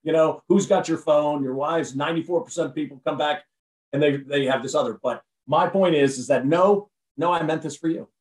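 A man speaking as a podcast guest and motivational speaker in casual conversation, energetic and preachy, often repeating and restarting his phrases. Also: on the high side, a little fast. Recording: roomy sound from far off the mic.

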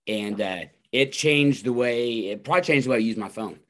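A man's voice: mid-range voice, normal speed. A man hosting a podcast in casual conversation, enthusiastic and agreeable toward his guest. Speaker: podcast host.

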